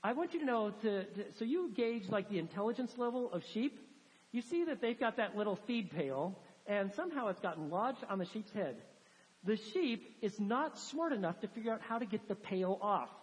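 A woman's voice: medium pitch, expressive, moderate pace. A woman preaching a sermon in a church, conversational and emphatic with many fillers. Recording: long hall reverb.

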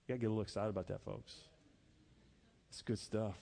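A male pastor preaching a sermon in an earnest, folksy way, talking straight to the congregation and swinging between loud emphasis and quiet asides. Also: on the low side, fairly even intonation, quick pace, vocal fry, in a large hall. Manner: folksy, addresses the congregation directly.

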